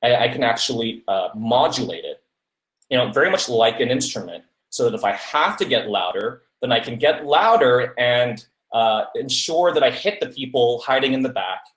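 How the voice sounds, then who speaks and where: A man's voice: mid-range voice, animated, moderate pace, fairly bright tone. A man hosting a podcast, casually giving public speaking advice and often checking in with "right?". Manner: many fillers and restarts, asks "right?" often. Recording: roomy echo.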